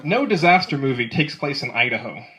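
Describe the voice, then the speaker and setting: In a live set with audience laughter in the background, a male amateur comic in his twenties fires off dry one-liners and laughs at his own material. He speaks a little fast in a mid-range, sing-song voice with a fairly bright tone.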